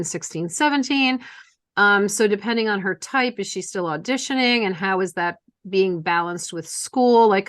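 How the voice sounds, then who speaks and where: A woman hosts a casual interview, speaking at a middling pitch. She is supportive and frames long questions that lead her guest along. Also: fairly bright tone. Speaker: podcast host.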